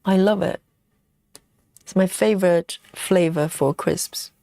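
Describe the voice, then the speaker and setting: A woman's voice: on the low side, slow pace, creaky, dark tone, no room sound, studio quality. A woman hosting a casual live stream, chatting and giggling as she reads viewer comments aloud. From United Kingdom.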